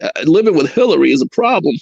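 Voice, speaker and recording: A man putting on a crude, smug older politician in a low drawl. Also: very animated, quick pace, vocal fry, slightly rough, highs cut off, full character voice.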